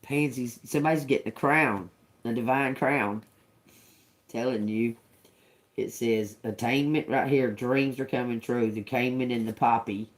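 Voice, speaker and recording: A man's voice: mid-range voice, poor audio. A man giving a casual tarot reading to his viewers, musing aloud and repeating words as he reads each card, calling his listeners y'all. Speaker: tarot reader.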